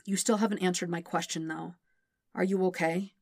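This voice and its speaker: A woman reading as a gentle young prince with quiet, steady reassurance. The storybook voice sits low and dry, close to the microphone. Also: moderate pace, no room sound.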